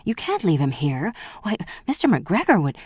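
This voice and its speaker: A woman's voice: on the low side, huge pitch swings, moderate pace, husky, no room sound, pitched above the performer's own voice, full character voice. A woman voicing a middle-aged widowed housekeeper, flustered and stiffly proper.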